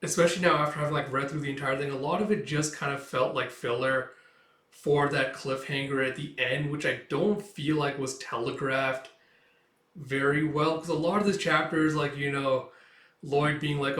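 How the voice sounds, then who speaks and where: A man's voice: on the high side, steady tone, normal speed, a bit bright, reverberant. A young man casually reading through and commenting on a manga chapter, rambling with lots of fillers. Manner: rambling, filler-heavy, with sudden swearing. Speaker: manga reaction host.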